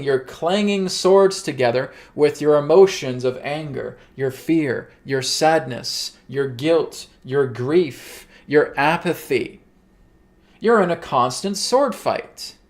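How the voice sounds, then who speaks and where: A man voicing a calm, commanding male spirit guide in a slow, emphatic, preaching cadence. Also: mid-range voice. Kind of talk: channeled spiritual teaching.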